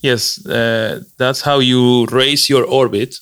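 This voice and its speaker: A man's voice: medium pitch, fairly even intonation, slow pace, a bit bright, clean tone. A man co-hosting a podcast in casual chat, thinking aloud with many restarts. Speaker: podcast co-host.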